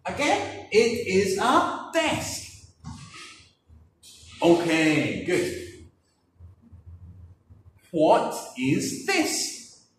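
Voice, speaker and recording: A man teaching children English words, slowly enunciating and spelling letters out in a playful way, laughing and adding sound effects. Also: sits high, huge pitch swings, slight background noise. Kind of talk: children's vocabulary and spelling lesson. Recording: echoey room, distant mic.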